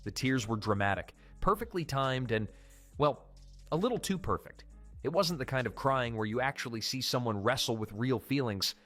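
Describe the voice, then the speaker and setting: A man's voice: medium pitch, expressive, normal speed, fairly bright tone, soft background music. Punchy male commentary narrator. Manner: punchy, dramatic delivery.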